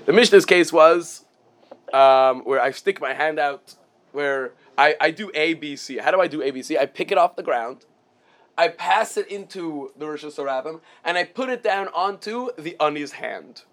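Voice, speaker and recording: A man's voice: a little high, animated, moderate pace, a bit bright. A man teaching a casual Talmud class, explaining with everyday examples and often restarting his phrases.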